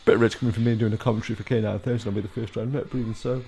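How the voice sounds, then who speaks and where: Brief: British man, middle-aged, gravelly, rambling casual film commentary. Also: fairly low pitch, steady tone, racing, a little mellow. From United Kingdom. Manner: rambling, full of fillers and asides.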